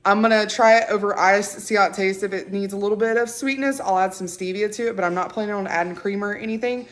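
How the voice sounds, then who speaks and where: A young woman, chatting casually to camera, excitable and full of fillers. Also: mid-range voice, fast. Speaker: vlogger.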